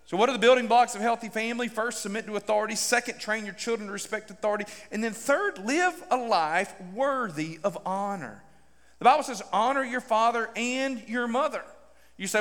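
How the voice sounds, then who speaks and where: A middle-aged man preaching a sermon to a congregation, animated and asking them direct questions. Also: sits high. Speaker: pastor. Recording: long hall reverb.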